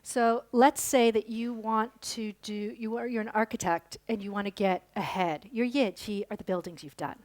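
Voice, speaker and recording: A woman's voice: on the high side, steady tone, moderate pace, hardly any pauses, darkish tone. A woman giving a conference lecture, telling a story and then explaining it, with fillers and restarts. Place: lecture hall.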